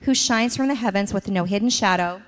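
Speaking briskly in a mid-range voice, a middle-aged woman tells warm, laugh-filled stories about her children. It's a stage interview in a church sanctuary, recorded with the long reverb of the hall.

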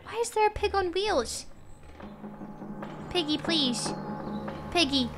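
A woman's voice: very high-pitched, lively intonation, takes it slowly, over music. A woman streamer chatting casually over gameplay, bubbly and swearing when startled.

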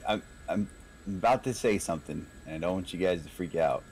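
A man's voice: low voice, brisk, a little mellow, a little hiss or hum, rough recording. A man chatting with his gaming squad over a headset, dry and a little hesitant. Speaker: squad pilot. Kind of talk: casual gaming voice chat.

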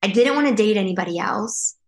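A woman's voice: mid-range voice, expressive, fairly quick. A woman in her thirties, a guest telling her story in an interview, earnest and emotional, with many restarts. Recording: roomy echo.

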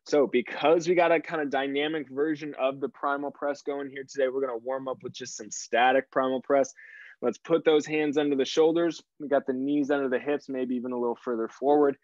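A man's voice: mid-range voice, steady tone, brisk, darkish tone, no room sound, dull audio. A man leading a live online core workout class, giving encouraging coaching cues while slightly out of breath. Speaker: fitness instructor.

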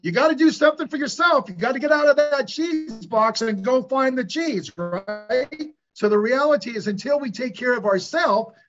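High-voiced earnest man, lo-fi. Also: expressive, normal speed, over music. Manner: earnest, preachy, asks rhetorical questions. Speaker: hyperbaric clinic owner, guest. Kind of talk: conversational interview storytelling. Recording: dull lo-fi recording.

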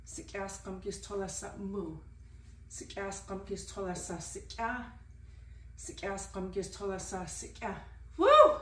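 A woman who is out of breath from exercise, slowly counting aloud in steady repetitions, then talking casually about keeping active. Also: mid-range voice. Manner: slow rhythmic repetition, breathy and effortful. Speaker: language learner doing a fitness challenge. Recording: echoey room, mic at a distance.

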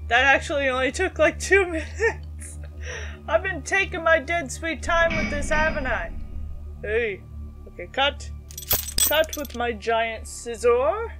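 A woman's voice: high voice, unhurried. A young woman chatting casually as she plays through a horror game, reacting aloud to each action. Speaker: gameplay streamer. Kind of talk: casual let's-play commentary. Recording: faint game music behind her.

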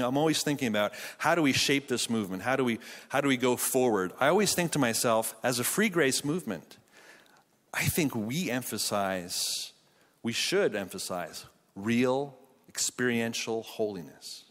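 A man in his thirties with a mid-range, fairly bright voice gives a humorous sermon in a conference hall. He tells jokey family stories before turning to earnest Bible teaching.

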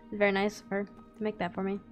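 A woman's voice: mid-range voice, completely flat delivery, fast talker, faint music behind. A woman hosting a gaming video in a chatty, giggly way, rambling as she plays. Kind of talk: casual let's-play commentary.

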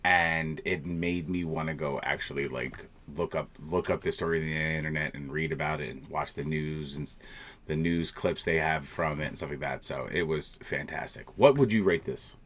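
A man's voice: rumbling low, moderate pace, fairly bright tone. A man co-hosting a casual movie review chat, enthusiastic and rambling as he talks.

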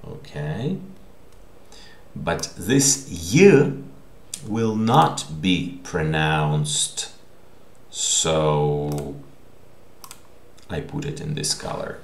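A man teaching a language lesson, repeating words slowly and checking in with the listener. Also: very deep voice, vocal fry. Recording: echoey room.

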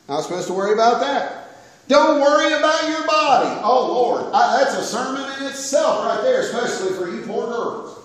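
An older man preaching a folksy, self-mocking sermon, swinging between raised and quiet passages. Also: very high voice, expressive, normal speed. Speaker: pastor. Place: church sanctuary. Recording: echoey church hall from far off.

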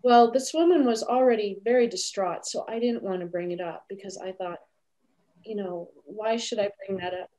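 A woman guest telling a story in an interview over a video call, lively and acting out what others said. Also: mid-range voice, normal speed. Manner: animated, acts out quoted voices. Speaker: animal communicator guest.

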